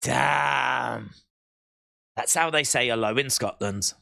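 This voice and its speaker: A speaker giving excitable live reaction commentary on a wrestling show, breaking into shouts and laughs. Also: medium pitch, takes it slowly, vocal fry. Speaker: wrestling watch-along streamer.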